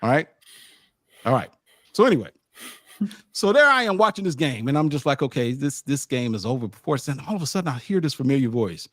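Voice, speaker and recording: Animated man telling a sports-trip story. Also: fairly high pitch, normal speed, pauses often, dry recording, clean studio sound. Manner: animated, stammering restarts, lively asides. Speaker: publisher recounting a game trip. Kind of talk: casual storytelling on a sports show.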